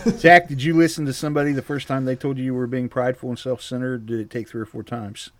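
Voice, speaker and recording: A man's voice: mid-range voice, fairly even intonation, fast, a little hiss or hum. A man co-hosting a casual chat, tossing in wry, joking asides. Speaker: podcast co-host. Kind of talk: casual movie-recap chat.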